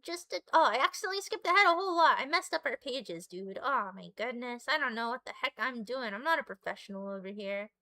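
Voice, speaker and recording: A woman's voice: on the high side, expressive, fast talker, hardly any pauses, bright, forceful tone, no echo. A woman streamer reading a webcomic aloud and chatting to her viewers in a giggly, rambling, self-deprecating way. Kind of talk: casual live-stream reading with chat asides.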